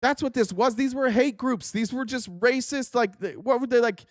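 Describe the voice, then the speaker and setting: A man's voice: extremely high pitch, moderate pace, no room sound, studio quality. A man hosting a podcast, ranting angrily at clips he is reacting to, swearing and insulting often. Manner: angry, profane, insulting. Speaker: podcast host. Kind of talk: profane political rant reacting to clips.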